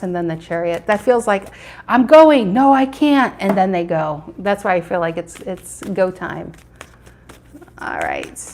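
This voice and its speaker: A woman doing a live tarot reading, chatting with viewers and repeating her questions as she turns the cards. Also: mid-range voice. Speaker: tarot reader.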